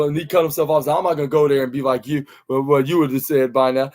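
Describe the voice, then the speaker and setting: A man's voice: mid-range voice, steady tone, quick pace, a little mellow. A young man hosting a podcast, recapping a wrestling show in a rambling, casual way, full of fillers and restarts and acting out the lines he quotes. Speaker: podcast host.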